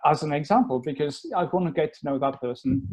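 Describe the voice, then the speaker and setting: Mellow man with a frog in his throat. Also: fairly high pitch, very animated, quick pace. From Wales. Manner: curious, conversational, clears throat. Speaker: podcast host. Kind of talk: casual interview chat.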